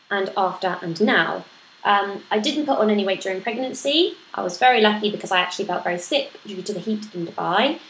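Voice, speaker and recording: A woman, chatting casually to camera as she answers questions about motherhood, often laughing at herself. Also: medium pitch. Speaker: vlogger answering a parenting tag. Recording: echoey room with faint noise.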